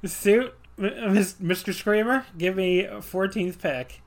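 Joking man hosting a voice-call podcast. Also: high voice. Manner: quick, joking, calls on others by name. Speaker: host running a wrestling draft. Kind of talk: casual podcast chat.

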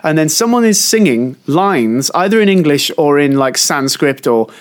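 A man's voice: on the high side, expressive, moderate pace. A man co-hosting a casual podcast chat, telling long stories that wander, trail off and restart as he goes. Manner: rambling storyteller who often trails off and restarts. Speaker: podcast co-host.

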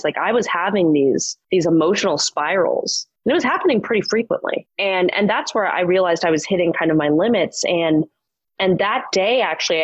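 A woman's voice: lowish voice, slightly rough, dry recording. A woman in her thirties, a startup founder telling her story candidly, with lots of "like" and restarts. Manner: chatty, frequent "like" fillers and restarts. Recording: muffled lo-fi audio.

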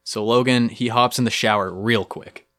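Young man telling a story, mid-pitched. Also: steady tone, normal speed, fairly bright tone. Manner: vivid narrating, playful. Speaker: podcast co-host. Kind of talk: casual storytelling chat.

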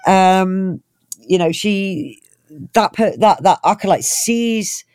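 A woman's voice: mid-range voice, takes it slowly, smooth, no room sound, clean studio sound. A woman co-hosting a casual podcast chat, sketching story ideas and acting out moments with little voices and sound effects. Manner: animated, acts out scenes with voices and sound effects. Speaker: podcast co-host.

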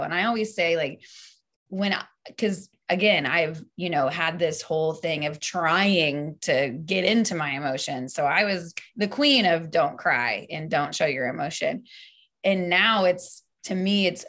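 Young female singer guest, lower register, candid and animated. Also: unhurried. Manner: open, animated, laughs often. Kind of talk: casual interview chat.

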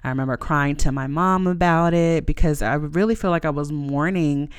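Young woman podcaster, frank, emotional storyteller, smooth voice, dry close sound. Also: low-pitched, normal speed, dry recording. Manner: emotional, frank, swears casually, many fillers. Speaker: podcast host. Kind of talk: candid personal storytelling.

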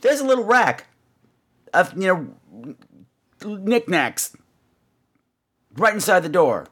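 A man's voice: high voice, slow pace, husky. A man hosting a podcast, telling a comic story and swooping in and out of voices. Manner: animated, swoops into voices and gasps. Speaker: podcast host.

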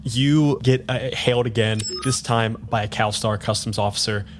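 A man's voice: medium pitch, fairly even intonation, moderate pace, faint music behind. A man acting as game master, narrating a sci-fi tabletop game in a loose, filler-heavy way with frequent laughs.

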